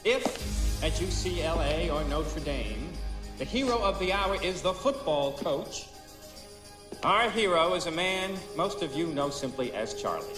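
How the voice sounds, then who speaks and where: A college announcer who introduces a guest with ceremonious flourish. His voice is fairly high and echoes from a distance. Music plays behind him. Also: animated, measured pace. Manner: ceremonious, building to a climax. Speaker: master of ceremonies. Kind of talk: formal introduction speech. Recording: distant, roomy hall with music.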